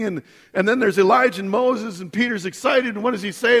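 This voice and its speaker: Male pastor, sermon, conversational, animated, slightly high voice. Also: normal speed, slightly rough. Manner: animated, conversational, asks the listeners "right?".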